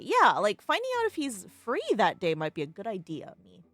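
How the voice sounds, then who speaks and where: A young woman streaming a game from home on a desk mic, chatting casually in an excitable, emotional way and laughing often. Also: mid-range voice, brisk, hardly any pauses, faint music behind.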